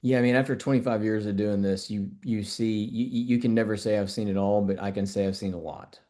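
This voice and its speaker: A middle-aged man, a functional medicine doctor, is a guest in a conversational interview. He talks earnestly and fast in a lowish, steady, mellow voice, repeating words as he thinks.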